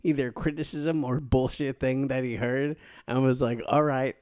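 A man co-hosts a casual movie podcast in a loose, easygoing way, laughing often and swearing casually. His voice is mellow and warm, at an ordinary middle pitch. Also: fairly even intonation, normal speed. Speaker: podcast co-host.

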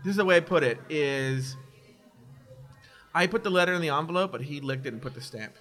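A man's voice: fairly high pitch, brisk. A man in casual conversation, telling personal stories candidly and animatedly, sometimes mocking people by quoting them. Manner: candid, animated storyteller, does mocking quoted voices. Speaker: podcast guest.

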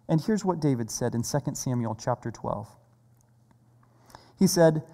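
A preacher giving a sermon in a measured, earnest way. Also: mid-range voice, warm tone. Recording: long reverb of a large hall.

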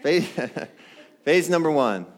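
A man's voice: a little high, animated, slow. A middle-aged male pastor preaching a sermon in a conversational way, often putting questions to the congregation.

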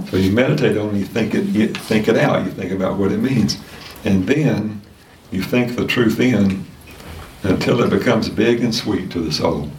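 A man teaching a casual Sunday school lesson, talking in a halting way with many restarts and fillers. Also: lowish voice, darkish tone, slight background noise. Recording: roomy sound from a distant mic.

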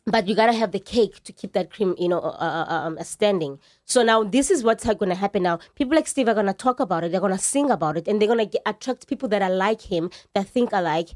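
A woman's voice: medium pitch, fast, hardly any pauses, darkish tone, no room sound. Brief: South African woman, emphatic guest on a radio chat, dry close mic. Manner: earnest, emphatic, repeats phrases while searching for words. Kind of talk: radio studio conversation.

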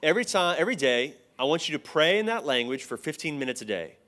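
At a church teaching, a man with a slightly high voice talks fast as he gives a casual storytelling sermon to a live group. He's animated, acting out both sides of the dialogue in his anecdotes.

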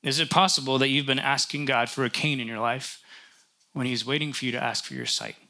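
A man's voice: mid-range voice, expressive, fairly quick, sharp tone. A man preaching a sermon as a pastor, conversational and lightly joking, often restarting his sentences.

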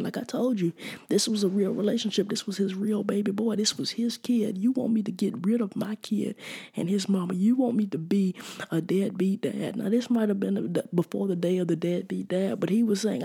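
Woman, preacher, conversational sermon, husky, breathy half-whisper, warm dark tone. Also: medium pitch, fairly even intonation, normal speed.

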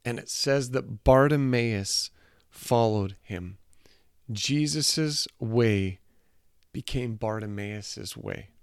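A man preaching with earnest conviction, retelling a scripture story and circling back on his own phrases. His voice sits at an ordinary middle pitch. The sound is close and dry, with no room around it. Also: takes it slowly, clean tone, no echo. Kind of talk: sermon.

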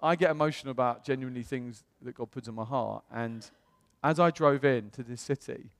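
A man, a pastor, telling a personal story in a sermon in a chatty, animated way. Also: medium pitch, brisk, vocal fry, in a large hall. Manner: chatty storytelling, animated voices when quoting others.

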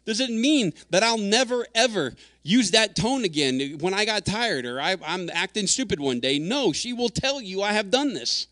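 A man's voice: high-pitched, lively intonation, moderate pace, few pauses, bright, forceful tone, no room sound, studio quality. A man preaching a sermon in an earnest, conversational way, acting out quotes as he goes. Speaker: pastor.

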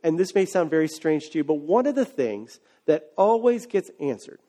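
A man preaching a sermon in a casual, conversational way, retelling scripture with lively asides and rising to fervent emphasis. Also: on the high side, normal speed. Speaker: pastor.

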